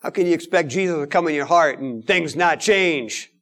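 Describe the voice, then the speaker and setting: A man preaching a sermon, animated, swinging between loud emphatic lines and hushed asides. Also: on the high side, moderate pace.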